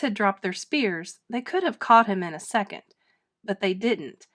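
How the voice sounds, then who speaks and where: A woman reading a children's storybook aloud with dramatic, expressive narration. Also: mid-range voice, measured pace. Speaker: storybook reader. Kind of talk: children's book read-aloud.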